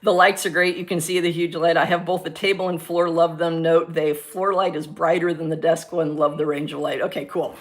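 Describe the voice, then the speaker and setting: Chatty woman streamer, slightly low voice. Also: little pitch movement, a little fast, few pauses, a little hiss or hum. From Florida. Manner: chatty and rambling, laughs often, frank. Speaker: livestream host and crafter. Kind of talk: casual chat, reading live comments aloud.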